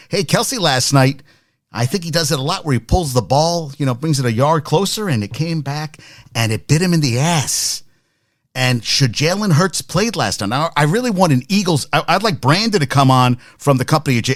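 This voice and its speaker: A man hosting a casual sports talk podcast, rambling and animated, with many restarts and asides while reacting to his chat. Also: on the high side, fairly quick, dry recording, studio quality.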